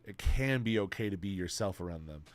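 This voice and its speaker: A man's voice: low-pitched, lively intonation, a little fast, dry recording. A man streaming to his chat, giving heartfelt advice in an earnest, emotional way, swearing freely and repeating himself. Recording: faint music in the background.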